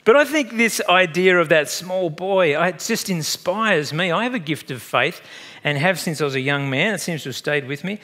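A man's voice: on the high side, moderate pace. A man in his fifties with an Australian accent, a pastor preaching a sermon and telling chatty stories with laughs along the way. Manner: storytelling, animated and chatty, laughs at own stories.

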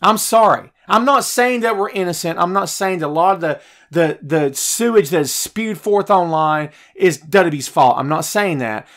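A podcast host, a man, ranting in a heated, animated way about wrestling while reading live chat. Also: sits high, normal speed, hardly any pauses. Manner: animated, fired-up ranting, swings loud and soft.

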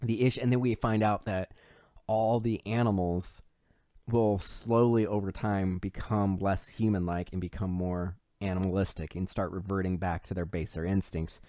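A man co-hosting a podcast, casually retelling a film's plot with swearing and quick quoted lines from the characters. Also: deep voice, no echo, clean studio sound. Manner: profane, animated retelling with put-on character quotes. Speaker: podcast co-host. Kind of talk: casual movie recap chat.

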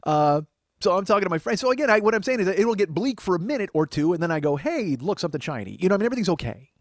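A man's voice: high voice, expressive, very fast, no echo. A man in his forties giving a rambling, profane, self-deprecating comic monologue as a podcast host. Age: 40s.

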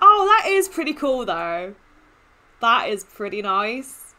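Excitable high-voiced woman. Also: slow pace. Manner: excitable, gushing, squeals with delight. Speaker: gaming YouTuber. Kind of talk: casual commentary opening game chests.

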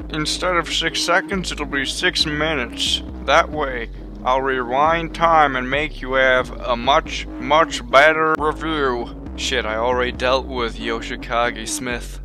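A sarcastic man delivers a profane, exaggerated comedic commentary. He speaks slowly at a middle pitch. Clear music runs under his voice. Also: fairly even intonation. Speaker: video essayist.

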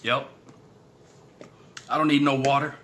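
A man's voice: mid-range voice, level tone, a little slow, a bit bright, a little hiss or hum. A middle-aged man from Texas with a Southern accent, chatting casually to the camera in a folksy way and hyping himself up. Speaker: YouTube creator. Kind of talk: casual eating challenge vlog.

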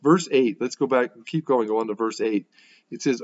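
A man walks through scripture in a relaxed, conversational way, thinking aloud and tossing in quick "right?" asides. His voice sits at an ordinary middle pitch. The recording sounds slightly muffled and dull. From United States. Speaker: host giving a Bible devotional. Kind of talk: informal devotional teaching.

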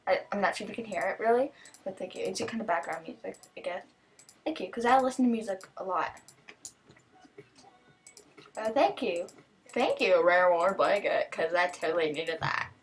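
A teenage girl chatting casually as she opens gifts, excitable, gasping and thanking over and over. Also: mid-range voice, moderate pace, pauses often. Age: teens. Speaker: vlogger opening gifts. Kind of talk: casual chat.

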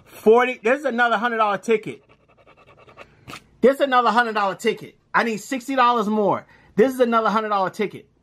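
A man, commenting casually as he scratches lottery tickets, reading numbers aloud in slang and breaking into excited shouts. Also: very high-pitched, a little fast.

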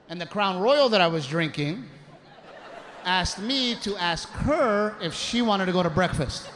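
A man performing a crude, self-mocking stand-up routine on a comedy club stage, telling an animated story. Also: high-pitched, unhurried, in a large hall. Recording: live club recording with audible background noise.

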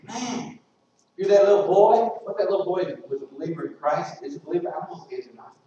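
A male preacher delivering a sermon in a loose, conversational way, often turning to ask the congregation questions. His voice sits a little higher than usual for a man and rings around a very echoey church sanctuary. He is caught from a distance on a dull recording. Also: expressive, fast talker, mellow. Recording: echoey church, mic far off, dull sound.

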